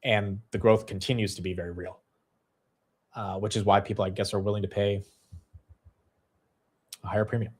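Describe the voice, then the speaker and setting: A man's voice: lowish voice, little pitch movement, a little mellow, slightly rough. A young man hosting a live stock market stream, chatting casually and laughing at himself. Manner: self-deprecating, quick-shifting, laughs at himself.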